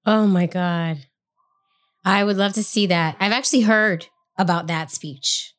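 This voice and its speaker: A woman's voice: fairly low pitch, measured pace. A woman hosting a podcast, an effusive and emotionally reactive listener in casual conversation. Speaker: podcast host.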